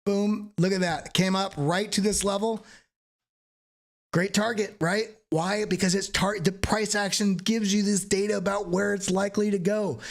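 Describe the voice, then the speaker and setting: Joking, energetic male crypto streamer. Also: high voice, normal speed, creaky. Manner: energetic, joking, swears casually. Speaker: crypto trading channel host. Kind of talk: live-streamed chart analysis.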